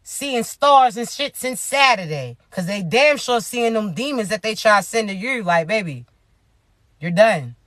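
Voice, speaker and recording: A woman who works as a spiritual advisor, giving a casual, animated pep talk full of slang, preaching at times and often laughing. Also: medium pitch, measured pace, no echo, studio quality.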